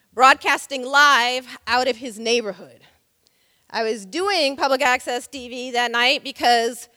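A woman's voice: high-pitched, pushed and bright, no room sound, studio quality, big-room sound. A woman civil rights lawyer telling a story on stage, vivid and dramatic. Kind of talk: storytelling talk.

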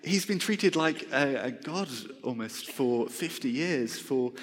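A man preaching a sermon in a chatty, self-mocking tone, his voice sitting at an ordinary middle pitch. The long reverb of a large hall trails after his words. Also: animated, slow pace. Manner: conversational, self-deprecating humour.

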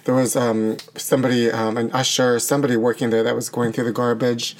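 A man hosts a chat show with dramatic, gossipy flair. His everyday-pitched voice rises and falls as he spills opinions, dropping "honey" into his banter. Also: flat delivery, a little fast. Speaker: talk show host. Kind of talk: casual banter.

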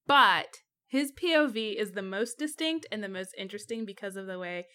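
A woman's voice: medium pitch, lively intonation, moderate pace, bright, forceful tone. A woman co-hosting a podcast in casual chat, bubbly and playful, laughing often. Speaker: podcast co-host.

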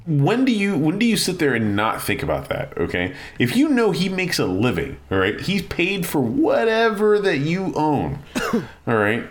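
A man co-hosting a casual chat, reacting with quick interjections and musing aloud. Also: fairly high pitch, wildly swooping pitch, a little hiss or hum. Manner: reacts with short interjections and laughs, muses aloud. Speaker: podcast co-host.

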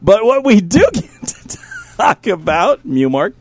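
A man's voice: sits high, sing-song, measured pace, slight background noise. A man hosting a studio podcast, swearing freely and laughing often as he banters. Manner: profane, blustery, laughs often. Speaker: podcast host. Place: studio before a live audience.

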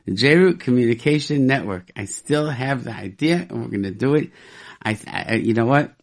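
A man's voice: mid-range voice, animated, normal speed. A man talking on a radio show as a guest, with an earnest teaching manner. He circles back over his own words, repeats phrases and restarts sentences as he works his point out. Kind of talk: casual radio talk, teaching.

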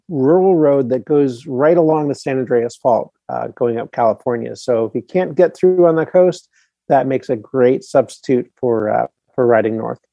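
Mellow-voiced man, hesitant chat. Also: mid-range voice, gravelly, no echo, dull audio. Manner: hesitant, lots of uh and restarts. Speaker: podcast co-host. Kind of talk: casual chat.

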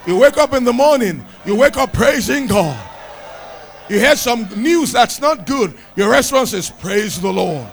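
A man preaching a sermon with exuberant shouts, laughter and cries of praise. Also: very high voice, expressive, measured pace, creaky.

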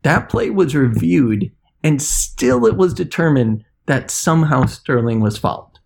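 A man on a podcast as its international correspondent, ranting in an animated, sarcastic way. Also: medium pitch, a little slow, vocal fry. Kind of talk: podcast chat.

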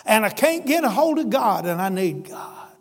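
A man retelling, in a halting voice, the pleading words of a big, remorseful older man. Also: high voice, big pitch swings, creaky, in a large hall, heavily acted. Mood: desperate.

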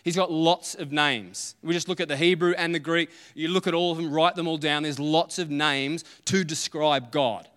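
A man's voice: fairly high pitch, steady tone, moderate pace, few pauses, a bit bright, clear, resonant tone. A man, preaching a conversational sermon and acting out little dialogues as he tells stories. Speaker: pastor. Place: church auditorium. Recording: long hall reverb.

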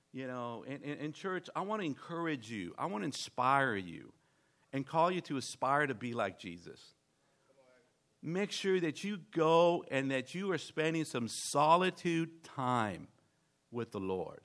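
A man's voice: on the high side, fairly bright tone. A man preaching a sermon, emphatic, full of rhetorical questions and stammering restarts.

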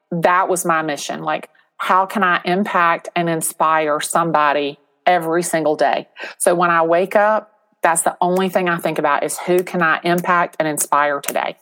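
Middle-aged female agent, expressive storyteller, slightly low voice. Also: unhurried. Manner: animated storyteller, acts out quoted voices. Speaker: real estate agent, guest. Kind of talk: interview storytelling.

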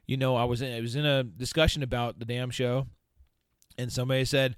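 A man hosts a casual podcast and rants in a heated, profane way. His voice sits at an ordinary middle pitch. The sound is dry and close, with no room around it. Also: fairly quick, a bit bright, dry recording. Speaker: podcast host.

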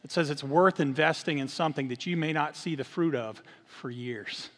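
A middle-aged man, the lead minister, giving a sermon that mixes Bible reading with lively family stories. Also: a little high, normal speed, slight background noise. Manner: animated when telling stories, earnest in prayer. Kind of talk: sermon with storytelling. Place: church sanctuary. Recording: long hall reverb.

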